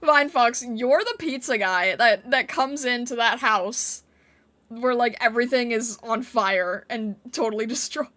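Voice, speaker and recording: Giggly high-voiced woman streamer. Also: unhurried, a bit bright. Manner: giggly, playfully reacting to chat. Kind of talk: casual live-stream chat.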